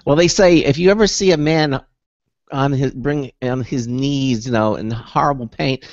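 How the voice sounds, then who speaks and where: Hosting a talk radio show, a man with a mid-range voice and moderate pace chats loosely, rambling and restarting his sentences again and again. The casual radio talk comes through muffled broadcast audio, with no echo.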